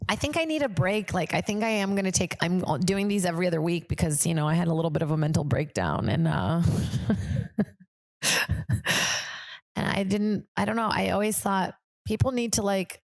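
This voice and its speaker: A woman with a lowish, brisk, creaky, slightly mellow voice hosts a comedy podcast, recorded in studio quality with no echo. She chats in a rambling, casual way, saying "like" constantly and swearing freely.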